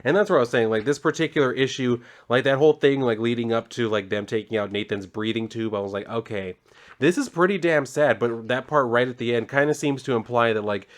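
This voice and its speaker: Rambling man recapping a comic. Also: mid-range voice. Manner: loose and rambling, heavy filler "like", casual swearing. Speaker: comic book reviewer.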